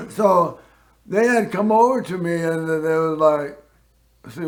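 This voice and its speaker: A man hosting a local TV show, telling a personal story in a rambling way and often clearing his throat. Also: fairly high pitch, slow pace. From Northern California. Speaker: host.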